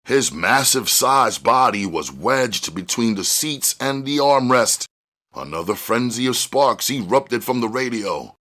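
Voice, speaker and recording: A man reading a novel aloud as narrator in a steady, measured way. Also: mid-range voice. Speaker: audiobook reader. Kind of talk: storybook reading.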